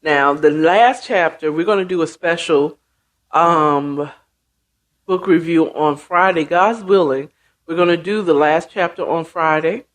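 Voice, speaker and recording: A woman hosting a show and casually retelling a book chapter, chatty with many asides. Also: sits low. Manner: slow, chatty, full of asides. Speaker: host. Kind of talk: casual storytelling recap.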